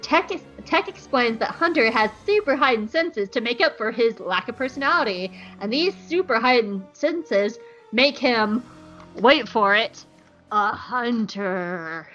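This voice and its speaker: A woman's voice: on the high side, fairly bright tone, lo-fi sound. A woman podcast host giving a casual, sarcastic and playful episode recap. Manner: sarcastic and playful, jumps into voices.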